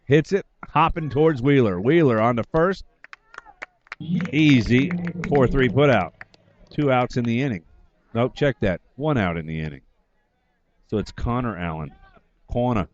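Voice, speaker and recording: A man doing brisk, wry radio play-by-play of a baseball game from a booth at the field, correcting himself as he goes. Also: medium pitch, animated. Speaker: play-by-play announcer. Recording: slightly dull lo-fi broadcast audio.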